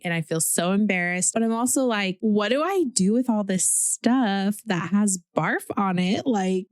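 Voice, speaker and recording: A woman in her thirties hosting a podcast, casually telling a personal story in a chatty, animated way with lots of "like". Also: medium pitch, dry recording, clean studio sound. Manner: chatty, uses "like" often, animated retelling. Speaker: podcast host.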